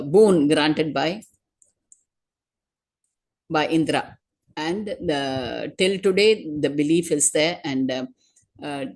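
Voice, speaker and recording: A woman giving a religious class, retelling a sacred story in a conversational way, with many "you know" and "uh" fillers. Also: sits low. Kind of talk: storytelling talk.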